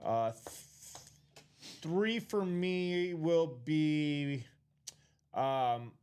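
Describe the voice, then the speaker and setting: Laid-back stream co-host: a man with a smooth, slightly high voice who speaks very slowly. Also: darkish tone. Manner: unhurried, hesitant. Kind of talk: casual live-stream chat.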